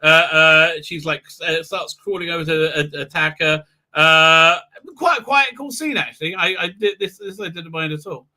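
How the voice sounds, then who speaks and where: A man rambles through a live stream recap, full of "uh"s and mocking impressions. His voice sits high and rings very bright. He bursts into sound effects and mock voices. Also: moderate pace. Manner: animated, mocking, acts out scenes with silly voices and sound effects; many hesitation fillers.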